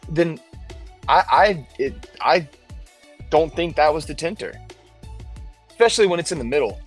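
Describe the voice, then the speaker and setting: A man's voice: fairly high pitch, lively intonation, moderate pace, breathy edge, faint music behind. Window tinter guest, male, casual chatter, likes to act out quotes. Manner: loose storyteller, acts out quoted voices, swears. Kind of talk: casual chat.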